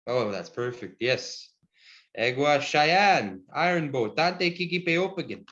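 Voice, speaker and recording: A man's voice: medium pitch, sing-song, fairly bright tone. Friendly man teaching over video call. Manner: friendly and encouraging, chuckles often, slows down to model words. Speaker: Cree language teacher. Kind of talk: online language class over video call. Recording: dull lo-fi video call audio.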